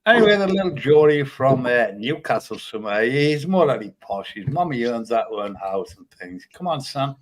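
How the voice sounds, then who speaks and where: A man's voice: mid-range voice, very animated, normal speed, few pauses. Dismissive man in his sixties. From North East England. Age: 60s. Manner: dismissive, keeps saying "come on, son". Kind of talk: casual livestream argument.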